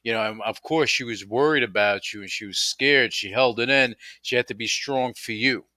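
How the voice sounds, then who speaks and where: Male radio host, forceful bright voice, supportive, emphatic, rhetorical questions, dry sound. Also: mid-range voice, normal speed, no echo. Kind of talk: interview.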